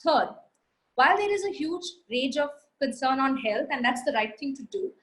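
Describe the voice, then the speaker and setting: A high-pitched woman with an Indian English accent answers audience questions. She talks in a brisk, confident way and sets out her points in order. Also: animated, low-quality recording. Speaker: marketing guest speaker. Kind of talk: live Q&A answer.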